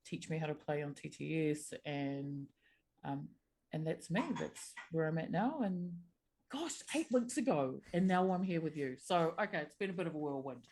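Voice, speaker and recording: A woman's voice: low voice, moderate pace, darkish tone, a little hiss or hum. A woman co-hosting a podcast in casual chat, encouraging, with eager interjections. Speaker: podcast co-host.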